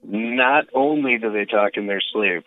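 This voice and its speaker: A man co-hosting a podcast by phone, chatting easily in short, relaxed turns. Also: fairly low pitch, a little slow. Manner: brief, easygoing reactions and anecdotes. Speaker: podcast co-host. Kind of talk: casual chat. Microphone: calling in by phone. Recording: tinny phone line.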